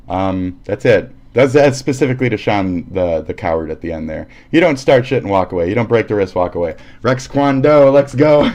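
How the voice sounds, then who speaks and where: A man's voice: medium pitch, very animated, moderate pace, darkish tone. A man ranting casually on a live stream, profane and heated, often laughing and acting out quotes.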